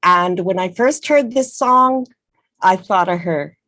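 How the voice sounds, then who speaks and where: A woman folk singer who introduces her song earnestly with some hesitation, then sings a slow ballad unaccompanied over a video call. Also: mid-range voice, sharp tone, dry recording, studio quality. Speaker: festival singer.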